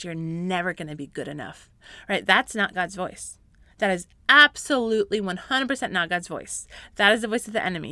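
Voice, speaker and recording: Bright-voiced woman, earnest podcast talk. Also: medium pitch, no room sound. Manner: earnest, encouraging, rising to fervent emphasis. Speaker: podcast host. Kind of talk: faith-based parenting podcast talk.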